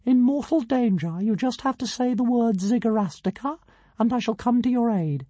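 A woman voicing a tiny, arrogant male dragon who thinks he is a god, with a squeaky, grand and scornful voice. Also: lively intonation, moderate pace, dark tone, dry recording, lo-fi sound. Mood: pompous. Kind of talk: audiobook character voice.

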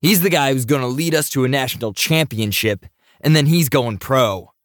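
A man voicing a burly, boisterous male college football fan who talks loudly and eagerly. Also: medium pitch, normal speed, no room sound, clean studio sound, voice pushed up, close to an everyday voice. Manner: brash, shouting, enthusiastic.

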